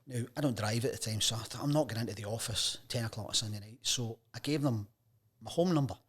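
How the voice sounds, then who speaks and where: A Scottish man in his fifties tells stories from his working life at an ordinary pitch and a natural pace. He is a guest in a relaxed interview, and he slips into the voices of the people he quotes. The feel is animated and conversational. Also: quick pace, husky. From Scotland. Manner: lively anecdotes, acts out quoted voices. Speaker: guest, sports journalist. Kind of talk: casual storytelling interview.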